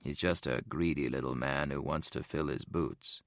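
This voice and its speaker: A man voicing a calm, smug male executive who speaks blandly and condescendingly. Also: extremely low pitch, moderate pace, dry recording, studio quality, pitched below the performer's own voice.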